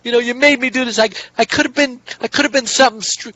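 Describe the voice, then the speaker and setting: A man mimicking a sobbing washed-up boxer, high and strained. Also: fairly even intonation, quick pace, bright, forceful tone, lo-fi sound. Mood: anguished. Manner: anguished, pleading lament. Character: weeping washed-up young male boxer.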